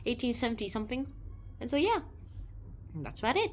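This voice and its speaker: A woman summarizing a book in a loose, rambling way, restarting her sentences as she goes. Her voice is a bit high and very lively in pitch. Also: quick pace. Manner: animated, rambling, with many restarts and playful voices. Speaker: book reviewer.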